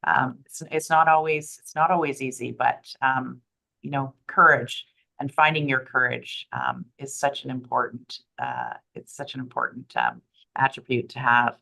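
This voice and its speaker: A woman moderates a panel over a video call in a very deep voice. She affirms the speakers and pauses often on "um" and "you know" before handing on the question. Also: lively intonation, vocal fry, low-quality recording. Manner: warm affirming, hesitant with many "um" and "you know".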